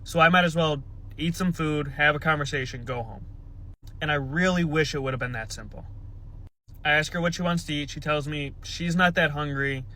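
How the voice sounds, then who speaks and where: A man's voice: fairly high pitch, normal speed, bright, forceful tone. A man in his twenties telling a dating story in a sarcastic, exasperated storytime style. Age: 20s. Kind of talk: storytime vlog.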